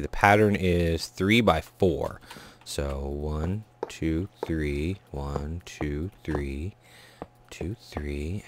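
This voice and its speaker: Deep voiced guy chatting over his gameplay, mumbles counts under his breath, gets all excited. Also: slight background noise. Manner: mutters to himself, counts items under breath, excited outbursts. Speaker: Let's Play host. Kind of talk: casual gameplay commentary.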